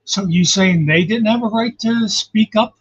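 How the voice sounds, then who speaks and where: A man's voice: high-pitched, a little slow, husky. A man talking casually on a livestream, rambling and reflective, filling gaps with "you know". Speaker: guest commentator. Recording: muffled lo-fi call audio.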